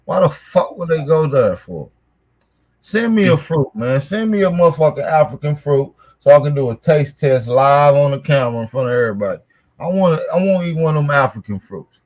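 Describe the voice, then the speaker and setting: A livestream host banters casually and mocks a caller, brash, profane and trash-talking. His voice is fairly high and a little mellow, with lively intonation and a brisk delivery.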